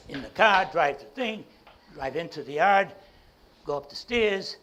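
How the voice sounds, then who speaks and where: Animated man telling a story. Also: a little high, slight background noise, poor audio. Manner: animated, acts out dialogue from the story; halting restarts and repeated words. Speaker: entrepreneur giving a talk. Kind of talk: personal storytelling talk.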